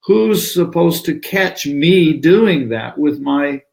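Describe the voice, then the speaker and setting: A man teaching yoga philosophy in a relaxed conversational way, acting out little dialogues as he explains. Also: a little high, takes it slowly, gravelly. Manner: animated, acts out little dialogues.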